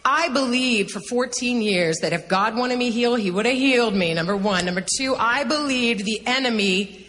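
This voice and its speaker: A woman telling an animated personal testimony as a guest, laughing often and rushing through her story. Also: fairly high pitch. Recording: reverberant hall, faint background noise.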